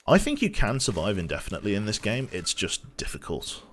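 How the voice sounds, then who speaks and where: Streaming a survival game, a young Brummie man gives loose, rambling commentary, cursing casually and often starting sentences over. He talks briskly in a lowish voice whose pitch swoops wildly, with a little hiss or hum in the audio.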